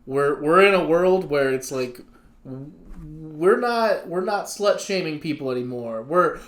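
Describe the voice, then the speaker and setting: A man co-hosting a podcast in casual chat, halting and restarting his sentences as he gives his opinions. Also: on the high side, expressive, a bit bright. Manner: hesitant, halting, restarts a lot. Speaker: podcast co-host.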